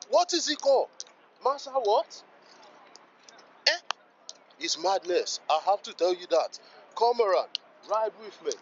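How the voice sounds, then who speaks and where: A man's voice: high-pitched, a bit bright, muffled recording, a little hiss or hum. A man vlogging as he walks around a rainy outdoor car meet, hyped and exclamatory, repeating himself as he points things out. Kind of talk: excitable walkaround vlog.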